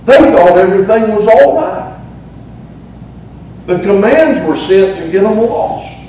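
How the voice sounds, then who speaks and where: In an echoing church sanctuary, recorded from a distance, a middle-aged Southern Appalachian pastor preaches with folksy humor, drawing out words for emphasis. He sounds high-pitched and animated yet a little slow, with a dark tone, and a slight hiss or hum sits under the audio.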